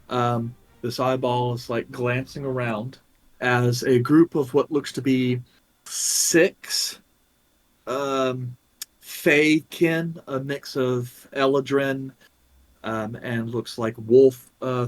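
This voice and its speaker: A man narrating as game master in a tabletop role-playing game, unhurried and filling pauses with ums and uhs. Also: mid-range voice.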